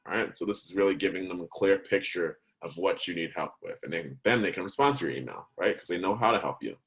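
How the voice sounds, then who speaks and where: A man's voice: deep voice, lively intonation, fast, hardly any pauses, a bit bright, rough recording. A man teaching a recorded lesson in a conversational way, often stopping to check in with "right?" and "okay?", and sometimes correcting himself partway through a word.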